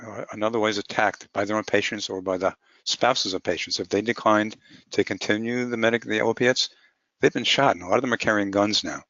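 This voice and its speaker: A man's voice: on the low side, steady tone, a little fast, bright, forceful tone, no room sound. Plain-spoken man lecturing, muffled webinar audio. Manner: plain-spoken, talks through clinical cases step by step. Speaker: physician presenter. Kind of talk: webinar lecture on cannabis medicine.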